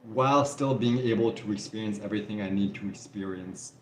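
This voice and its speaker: A man's voice: lowish voice, fairly quick, slight background noise. Easygoing French Canadian man, echoey room. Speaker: livestream host answering viewer questions. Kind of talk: casual live Q&A chat.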